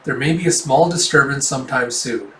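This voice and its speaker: A calm young king , read by a man, speaks mildly, with a smile in his voice and a scheme behind it. The voice echoes in a room and sits back from the mic. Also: mid-range voice, fairly quick, lightly acted. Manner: mild, smiling. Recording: roomy, distant mic, faint background noise.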